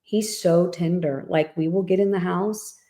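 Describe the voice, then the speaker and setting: A woman in her thirties co-hosts a podcast, chatting casually and recounting personal stories with candor and emotion, many fillers and restarts included. Her voice is on the low side, mellow and unhurried.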